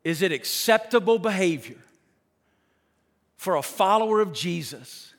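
High, bright-voiced male pastor preaching. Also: animated, measured pace, long pauses. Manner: emphatic preaching, swings from loud to hushed; joking asides with the congregation. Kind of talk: sermon.

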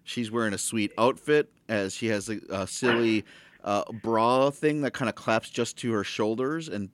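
A man's voice: fairly low pitch, moderate pace. A man co-hosting a podcast, chatting about a movie in a joking, rambling way. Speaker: podcast co-host. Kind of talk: casual movie discussion chat.

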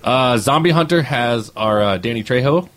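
A man's voice: medium pitch, expressive, moderate pace, a bit bright. A man hosting a casual podcast, rambling through a list of new releases with lots of fillers. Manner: rambling, filler-heavy listing. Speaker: podcast host reading release news. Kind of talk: casual chat.

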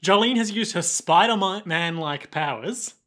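A man recaps a show on a podcast in a playful, giggly way. His voice sits a bit high. He is chatty and amused. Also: lively intonation, unhurried, a bit bright. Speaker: podcast co-host. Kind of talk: casual comedic recap.

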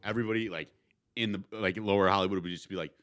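A man with a fairly low voice chats casually on a podcast. He drops wry, deadpan asides. His delivery stays relaxed and plain. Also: racing, smooth. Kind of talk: casual chat.

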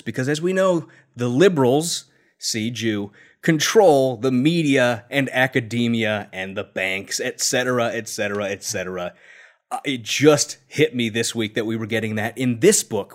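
A man co-hosting a podcast, chatting casually in a joking, sarcastic way. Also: mid-range voice. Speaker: podcast co-host.

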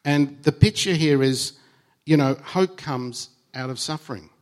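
A man's voice: a little high, measured pace. Earnest conversational male preacher. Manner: conversational, earnest, swings between soft and emphatic. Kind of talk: sermon.

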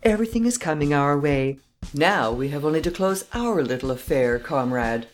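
A woman reading the part of a suave, self-assured male gentleman thief in an audiobook, cool and mocking. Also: deep voice, expressive, moderate pace, soft background music.

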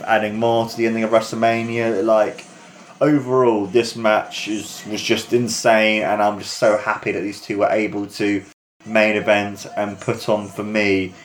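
A young man with a fairly low voice gushes through a wrestling match he is watching along with his viewers. He talks in an excited, rambling commentary, piling on praise and loose fillers. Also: slight background noise. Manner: gushing, enthusiastic, full of fillers.

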